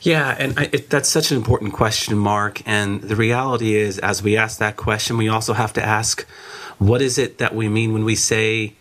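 A man who is a theology guest, explaining a topic in a measured teaching way and slowing down to stress key words. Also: lowish voice, fairly even intonation, a bit bright.

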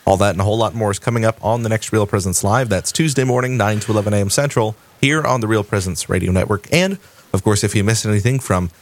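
A man's voice: fairly low pitch, fast, a little hiss or hum. A man reading upcoming-show announcements in a radio studio, upbeat.

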